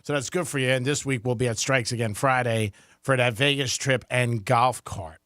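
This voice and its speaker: A man's voice: medium pitch, steady tone, normal speed, fairly bright tone, no echo, clean studio sound. Upbeat man giving a radio sports rundown. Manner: upbeat, chatty, with filler "uh"s. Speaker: radio co-host doing sports updates. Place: radio studio. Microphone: studio microphone.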